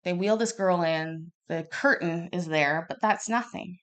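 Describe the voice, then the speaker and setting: Chatty woman in her thirties, lowish voice. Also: measured pace. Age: 30s. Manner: chatty and rambling, with many restarts; acts out quoted lines with sudden bursts of loudness. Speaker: podcast host. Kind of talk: casual personal storytelling.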